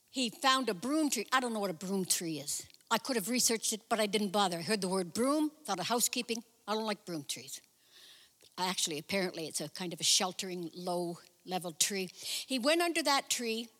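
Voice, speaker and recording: A woman preaching a sermon, retelling a Bible story in a chatty, animated way with personal asides. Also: mid-range voice. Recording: reverberant hall.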